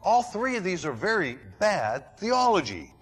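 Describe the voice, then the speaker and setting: A pastor preaching a sermon, dramatic and rhetorical, who acts out other people's words. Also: male voice, high voice, big pitch swings, measured pace, a bit bright, husky, faint music behind. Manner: dramatic, rhetorical, mimics voices.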